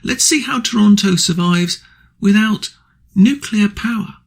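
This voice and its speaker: A man's voice: high voice, measured pace, gravelly, husky. A man hosting a radio show, delivering an angry political opinion monologue full of indignant, blunt insults.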